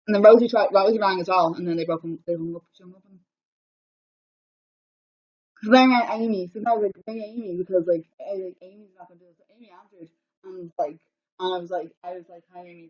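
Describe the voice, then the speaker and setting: A woman, telling a rambling story on a live stream, with many restarts and excited repeats. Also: lowish voice. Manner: breathless, repetitive, excitable retelling. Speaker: livestreamer. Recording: dull lo-fi livestream audio.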